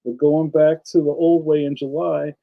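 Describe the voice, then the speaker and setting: A man's voice: a little high, flat delivery, moderate pace, vocal fry, phone-quality sound. A man hosting a casual livestream, chatting enthusiastically and speaking straight to his viewers. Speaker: livestream host and cartoonist.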